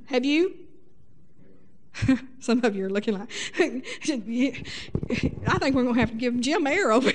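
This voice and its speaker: A middle-aged woman preaching a sermon in a lively, folksy way, sprinkling her talk with hallelujahs. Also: a little high, takes it slowly, long pauses.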